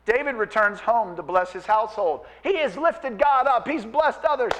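Male pastor, high, very animated delivery, playful sermon with acted-out voices. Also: moderate pace. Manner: animated, playful, acts out voices of people and biblical figures.

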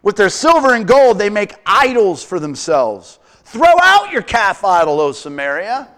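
A middle-aged pastor delivers a sermon with a high, lively voice that leaps across a wide range. He tells stories with humor and breaks into acted-out quotes. The delivery stays warm in its storytelling but keeps a clear point. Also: unhurried.

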